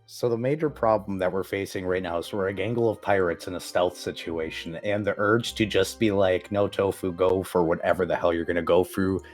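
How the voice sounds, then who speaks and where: Guy with a really deep voice talking game plans steady and plain, voice chat, bit of music behind. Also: a little fast, few pauses. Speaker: tabletop game player.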